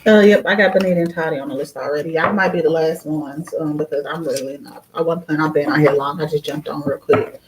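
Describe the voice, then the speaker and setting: Giggly low-voiced woman reading tarot. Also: steady tone, fast, noisy background. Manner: chatty, giggly, lots of fillers. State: sore throat. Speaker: tarot reader. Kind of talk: casual live-stream tarot reading.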